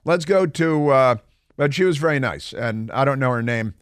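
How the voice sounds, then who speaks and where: A man's voice: mid-range voice, expressive, moderate pace, clean tone, no room sound, studio quality. A man hosting a talk radio show, talking casually and rambling with many fillers and restarts. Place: radio studio.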